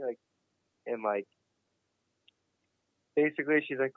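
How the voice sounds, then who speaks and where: A man's voice: medium pitch, a little slow, pauses often. Swearing young man on a tinny line. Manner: swears constantly, animated and dramatic retelling. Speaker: podcast guest, BMX rider. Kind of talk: casual storytelling. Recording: dry, phone-like narrow sound.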